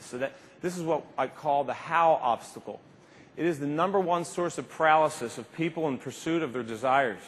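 A middle-aged man giving an animated, emphatic motivational keynote speech, acting out little scenes along the way. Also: medium pitch. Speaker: keynote speaker. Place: large convention hall. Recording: reverberant hall, faint background noise.

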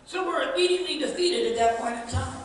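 A man's voice: very high voice, quick pace. A male pastor preaching a sermon earnestly, with repeated phrases and rising emphasis. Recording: echoey hall from far off, faint noise.

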